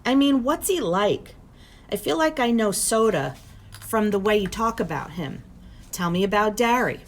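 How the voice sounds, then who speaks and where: A woman reading aloud, voicing a curious, gentle teenage girl with a lifted, softly questioning delivery. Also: medium pitch, animated, moderate pace, lightly acted.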